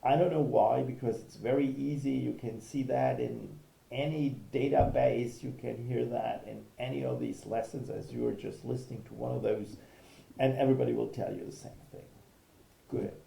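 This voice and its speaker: A man's voice: medium pitch, fairly even intonation, normal speed, gravelly, mellow, echoey room, rough recording. A man, a law professor giving a recorded video lecture, explaining step by step and checking in with "okay".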